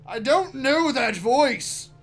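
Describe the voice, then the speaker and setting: Huge male cloud giant, arrogant, slow and booming, raised voice, played by a man running the game. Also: expressive, soft background music, full character voice. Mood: cornered.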